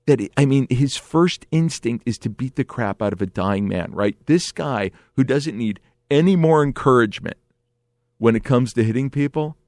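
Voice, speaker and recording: A man with a gravelly, middle-pitched voice tells a story casually and animatedly. He swings from hushed to excited and often restarts his sentences. The recording is dry and close. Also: moderate pace, dry recording.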